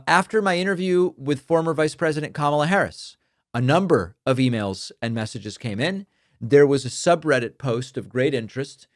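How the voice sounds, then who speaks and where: A man's voice: medium pitch, no room sound, studio quality. A man hosting a political talk podcast, speaking in a conversational way, thinking aloud with fillers and restarts as he reads out listener mail. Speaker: podcast host.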